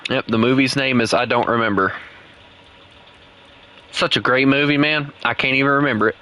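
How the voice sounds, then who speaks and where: Bright-voiced Southern US gamer man. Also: mid-range voice, moderate pace, slight background noise. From Southern United States. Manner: playful, teasing, laughs often. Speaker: game streamer. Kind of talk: casual gameplay chat with co-players.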